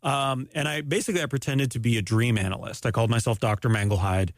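A man hosting a casual podcast chat, pitching absurd business ideas in a deadpan way. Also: fast talker, a little hiss or hum. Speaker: podcast host.

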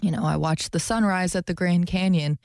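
A woman's voice: lowish voice, normal speed, vocal fry, darkish tone, no echo, studio quality. A young woman co-hosting a radio show, chatting casually and animatedly, often laughing. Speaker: radio co-host. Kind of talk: casual chat.

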